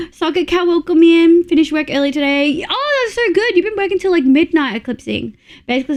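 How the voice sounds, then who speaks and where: Giggly Australian woman streamer. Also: sits high. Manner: giggly, chatty, reads chat aloud. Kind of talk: casual live-stream chat.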